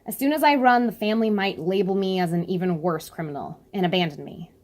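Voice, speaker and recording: A woman voicing a proud, determined young princess while reading a comic aloud, earnest and a little higher than her usual voice. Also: fast talker, a little mellow, lightly acted. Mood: defiant.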